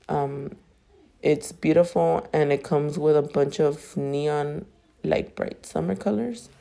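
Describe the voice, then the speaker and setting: A nail artist and video host records a casual voiceover at home while doing her makeup. Just woken up and sleepy, she clears her throat now and then and tells stories in chatty, profane slang. Her voice is low with a dark tone.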